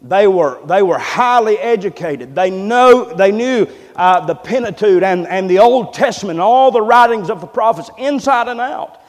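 High-voiced fervent male preacher in reverb. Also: lively intonation, normal speed, few pauses. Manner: fervent, repetitive, building to loud exclamations. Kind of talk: sermon. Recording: long reverb of a church hall.

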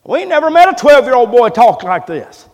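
A preacher doing stunned temple scholars. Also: male voice, extremely high pitch, very animated, fairly quick, voice pushed up. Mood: incredulous. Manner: incredulous, exclaiming questions. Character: astonished temple scholars, older men. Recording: long reverb of a church hall.

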